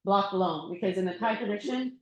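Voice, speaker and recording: A woman teaching yoga and Thai bodywork in a relaxed, reflective way, laughing often during a group discussion. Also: mid-range voice, fairly quick. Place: yoga studio room. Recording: echoey room.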